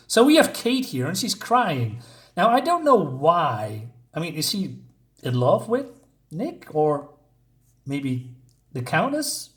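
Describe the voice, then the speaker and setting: A man's voice: fairly high pitch, huge pitch swings, slow pace, long pauses. A man giving a casual comic book review, summarizing the story in rambling talk full of fillers.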